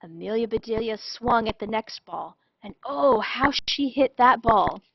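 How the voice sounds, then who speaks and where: Animated woman reading a storybook. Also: a little high, unhurried, gravelly, breathy edge, dry recording. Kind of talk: children's storybook read-aloud. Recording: dull lo-fi dry sound.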